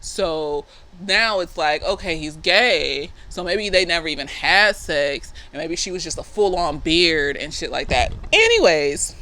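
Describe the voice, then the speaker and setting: A woman, a therapist, giving a casual, slightly tipsy review of a TV episode, profane and lively, acting out the characters' lines. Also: deep voice, a little slow.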